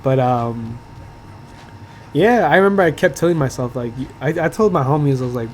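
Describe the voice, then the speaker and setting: A man's voice: mid-range voice, quick pace, darkish tone, a little hiss or hum. Profane young man telling a story. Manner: loose and profane, heavy filler "like", laughs while telling. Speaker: podcast host. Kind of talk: casual storytelling.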